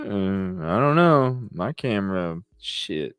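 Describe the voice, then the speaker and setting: A man's voice: on the low side, big pitch swings, unhurried, hardly any pauses, clean tone, no echo, studio quality, soft background music. A man hosting a late-night podcast livestream, tired and yawning, talking casually with plenty of swearing as he reads and answers viewer comments. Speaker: podcast host.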